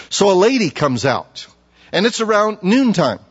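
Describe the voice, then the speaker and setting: Pastor guy chatting through a sermon, kinda high voice, long echo in the church. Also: big pitch swings, normal speed, husky. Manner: conversational preaching with asides and rhetorical questions. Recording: dull audio with long hall reverb.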